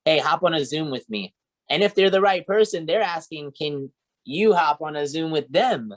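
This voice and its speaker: A man's voice: fairly high pitch, animated, moderate pace. A man training a sales team, coaching and encouraging, often checking in with "right?" and "okay?".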